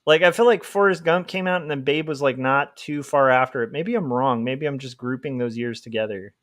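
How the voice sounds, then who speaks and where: A man's voice: mid-range voice, brisk, fairly bright tone. A young man chatting casually and rambling with lots of fillers while he draws on a livestream. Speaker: livestreaming comic artist.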